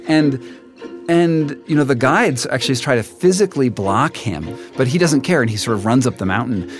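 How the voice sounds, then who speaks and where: A man telling his own story in the first person, halting and full of restarts and repeats. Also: medium pitch, lively intonation, music in the background. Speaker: storyteller guest.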